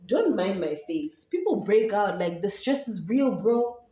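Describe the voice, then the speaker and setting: A woman's voice: mid-range voice, expressive, measured pace, mellow. Chatty young Zambian woman with a Setswana twang. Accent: Setswana-tinged English. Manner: chatty, rambling, many fillers and restarts. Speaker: YouTuber and podcaster. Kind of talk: casual sit-down vlog chat. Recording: roomy echo, voice from a distance.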